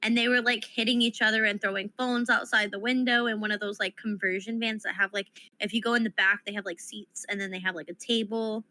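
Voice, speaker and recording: A woman's voice: mid-range voice, steady tone, brisk, hardly any pauses, pushed and bright, no echo. A young woman co-hosting a casual radio chat who reacts and rambles in a chatty way, full of "like". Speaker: co-host. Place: radio studio.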